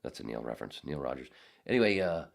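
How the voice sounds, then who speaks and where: A man's voice: rumbling low, fast talker, gravelly. A man in his fifties hosting a podcast, ranting in a profane, rambling way. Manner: profane, rambling, animated, acts out voices. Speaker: podcast host. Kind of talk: casual podcast rant.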